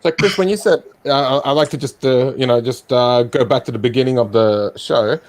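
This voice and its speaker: A man's voice: medium pitch, a little fast. A man chatting casually as a guest artist, playful and laughing easily. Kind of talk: casual video chat.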